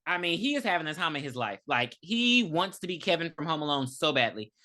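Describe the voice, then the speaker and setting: A woman co-hosting a podcast, recapping a film in an animated, profane, storytelling way. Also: low voice, a little fast. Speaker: podcast co-host. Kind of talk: casual movie review chat.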